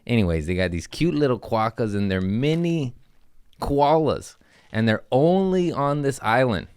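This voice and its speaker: A man's voice: mid-range voice, sing-song, unhurried, a little mellow, smooth, no echo. A man, a comedian, telling rambling self-mocking stories into a podcast mic, slangy and acting out quotes. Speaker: comedian host. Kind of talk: casual storytelling.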